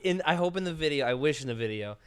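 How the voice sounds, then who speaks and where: Smooth-voiced man with crude quips. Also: a little high, animated, quick pace. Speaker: podcast co-host. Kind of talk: casual podcast banter.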